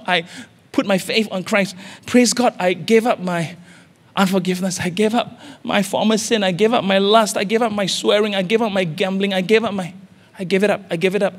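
A man's voice: high-pitched, in a large hall. A man with a Singaporean accent preaching a sermon as senior pastor, impassioned and repeating phrases for emphasis. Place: church sanctuary.

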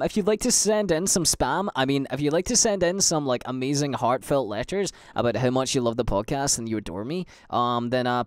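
A man's voice: no echo, clean studio sound. A young Scottish man hosting a solo podcast, chatting loosely with lots of fillers and swearing while drinking gin. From Scotland. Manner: jumps to high mock voices when quoting people. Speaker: podcast host and livestreamer.

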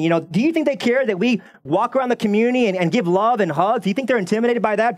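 In a very high-pitched voice, a male pastor preaches a sermon in an animated, sarcastic manner, often repeating words as he builds up.

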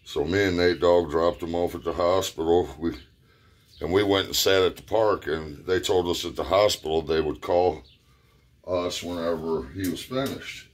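A man's voice: sits low, fairly even intonation, normal speed. A man telling a personal story in a laid-back, profane, rambling way. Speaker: vlogger. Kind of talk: casual storytelling.

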